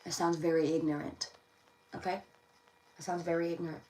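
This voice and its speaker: A woman's voice: on the low side, level tone, a little fast, warm tone. A woman giving a casual livestream tarot reading, chatty, often repeating her phrases and laughing. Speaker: tarot reader. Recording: voice a bit distant from the mic.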